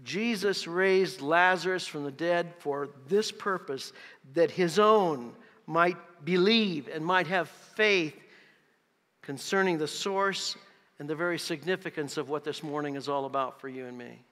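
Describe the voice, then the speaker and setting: A man's voice: on the high side, a little slow, a bit bright, in a large hall. A man preaching a sermon as pastor, reading scripture with emphatic, dramatic delivery. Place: church sanctuary.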